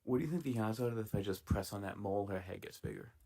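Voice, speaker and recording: A man's voice: lowish voice, fast talker, gravelly, dark tone. A man giving casual, sarcastic, profane commentary while reacting to clips. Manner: sarcastic, swearing, laughing asides.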